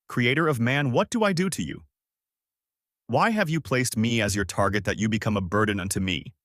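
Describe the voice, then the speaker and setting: A man reading the part of a suffering man who laments his anguish, in a solemn, measured way. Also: mid-range voice, a bit bright, no room sound, clean studio sound.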